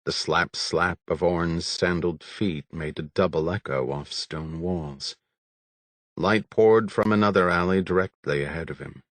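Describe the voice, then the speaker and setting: A man reading a novel aloud as an audiobook narrator, in a measured, steady way. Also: deep voice, dry recording. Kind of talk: scripted narration.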